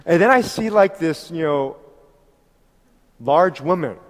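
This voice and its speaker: A man telling a story in a sermon, animated and acting out conversations with laughter. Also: on the high side, takes it slowly. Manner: animated, acts out dialogue with laughs. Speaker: preacher. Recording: long hall reverb.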